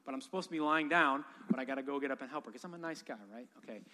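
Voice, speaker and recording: A man's voice: medium pitch, rapid-fire, pushed and bright. A man in his thirties preaching a sermon, telling stories with humor and animation. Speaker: pastor. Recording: long hall reverb.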